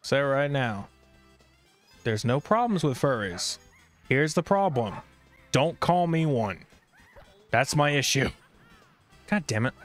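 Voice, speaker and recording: A man's voice: medium pitch, very animated, takes it slowly, pauses often, faint music behind. A man streaming a video game, grumbling and swearing in a rambling, irritable running commentary. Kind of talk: casual gameplay streaming commentary.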